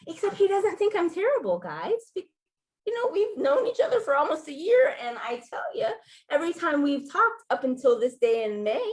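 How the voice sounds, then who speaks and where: Woman in her forties, lively storyteller. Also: high voice, normal speed. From Los Angeles, California. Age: 40s. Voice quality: sounds like a Valley girl. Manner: conversational, animated storytelling with laughs and acted quotes. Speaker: featured speaker. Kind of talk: personal storytelling talk.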